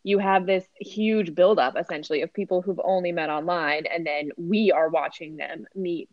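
A young adult woman co-hosting a casual chat podcast, chatty and quick with asides, laughing often. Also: on the low side, no echo, highs cut off. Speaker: podcast co-host.

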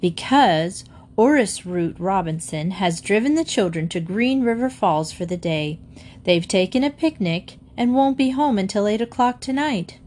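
A woman reading aloud and voicing a patient, soothing middle-aged housewife in a high, sweet, placating tone. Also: expressive, unhurried, a little mellow. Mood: calm.

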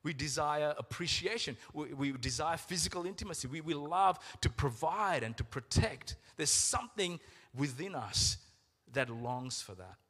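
A middle-aged man preaching a sermon as pastor, earnest and emotional, slowing down for emphasis. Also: fairly high pitch, lively intonation, bright, forceful tone, husky. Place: church. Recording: reverberant church hall with music.

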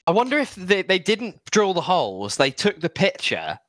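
Wry podcast co-host. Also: male voice, high-pitched, huge pitch swings, normal speed, fairly bright tone, dry recording. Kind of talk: casual comedic chat.

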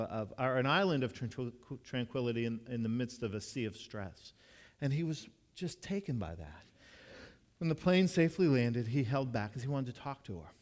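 A man delivers a sermon in a relaxed, conversational way, his mid-range voice carrying a long reverb from a large church hall. He tells his stories earnestly and often restarts or repeats a word before going on. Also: medium pitch. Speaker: pastor.

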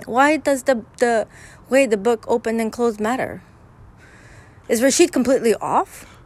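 Teasing woman, somewhat high voice. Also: a little slow. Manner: teasing, giggly, mock-formal. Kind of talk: improvised comedy banter.

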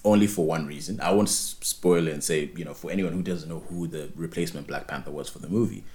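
A man's voice: rumbling low, steady tone, fast talker, darkish tone. A man co-hosting a podcast in casual chat, rambling and repeating words as he restarts his thoughts. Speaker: podcast co-host.

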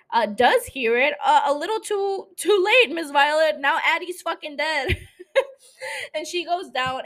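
A woman's voice: on the high side, fairly bright tone. Chatty young woman recapping a show. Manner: chatty, swears freely, teasing asides to listeners. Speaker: podcast host. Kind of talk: casual episode recap.

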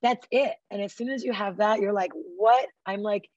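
A woman guest on a podcast interview, talking enthusiastically and acting out quotes with lively energy. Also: medium pitch, brisk, dry recording, highs cut off. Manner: enthusiastic, acts out quotes animatedly. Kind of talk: casual interview talk.

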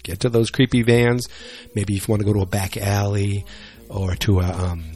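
A man's voice: fairly low pitch, level tone, moderate pace, darkish tone. A man chatting casually and rambling on his own about upcoming wrestling matches, joking and poking fun at himself. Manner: rambling, joking, self-deprecating. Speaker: solo wrestling vlogger.

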